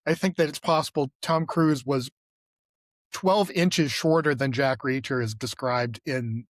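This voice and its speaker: A man's voice: medium pitch, unhurried, dry recording, studio quality. A man co-hosting a podcast in casual chat, rambling with fillers and restarts. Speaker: podcast co-host.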